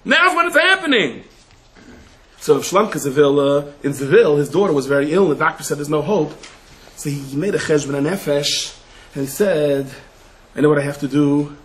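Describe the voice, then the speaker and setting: Rabbi guy, kinda high voice, storytelling lecture, throws in hebrew and yiddish words, gets loud then quiet. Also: a little fast, poor audio. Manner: storytelling, swinging from hushed asides to raised, shouted emphasis; mixes Hebrew and Yiddish terms into English. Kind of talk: Torah lecture.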